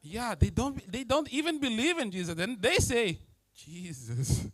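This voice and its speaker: Male preacher, high voice, dry close sound, animated sermon. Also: moderate pace, no room sound, poor audio. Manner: animated, acts out everyday scenes, non-native English grammar. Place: church.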